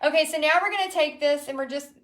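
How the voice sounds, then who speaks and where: A woman hosting a live step-by-step painting lesson, chatty and quick to laugh as she reads out viewer comments. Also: high-pitched, a bit bright. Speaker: painting instructor and host.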